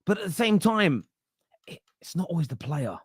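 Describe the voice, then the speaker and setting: A man's voice: fairly high pitch, very animated, normal speed, slightly rough, no room sound, clean studio sound. A man hosting a fan football podcast, talking bluntly and with opinion in a casual live-stream style, often starting with "uh" and restarting his sentences. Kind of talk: casual live-stream commentary reading viewer comments.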